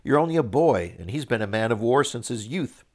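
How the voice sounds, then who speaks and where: A man's voice: mid-range voice, lively intonation, fairly quick, close to an everyday voice. A man reading as a doubtful king, dismissive.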